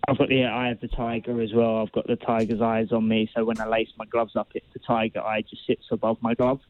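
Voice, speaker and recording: Low, flat-voiced boxer on tinny line. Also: male voice. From England. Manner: earnest, unhurried, explaining with fillers. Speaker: boxer, guest. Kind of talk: casual interview answers. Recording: dry, tinny phone-like sound.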